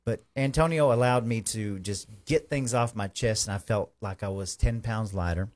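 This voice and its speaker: A man hosting a live stream, giving folksy, rambling shout-outs to viewers. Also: on the low side, normal speed. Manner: effusive, folksy, rambling with restarts.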